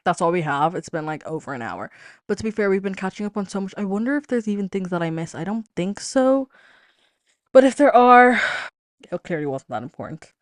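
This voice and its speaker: A woman's voice: on the low side, very animated, quick pace, darkish tone, dry recording, clean studio sound. A young woman hosting a casual solo podcast, chatty and exasperated, talking straight to her listeners. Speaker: podcast host.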